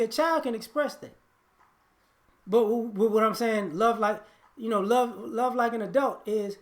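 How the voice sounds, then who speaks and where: A man giving a blunt, preachy monologue on relationships, often repeating and restarting his words. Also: high-pitched. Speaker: relationship commentator.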